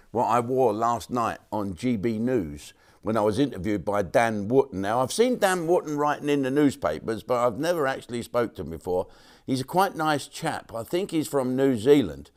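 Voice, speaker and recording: An older man hosting a live online show, rambling jokily and swearing, with sudden swoops into high mock voices. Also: a little mellow. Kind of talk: casual comic monologue.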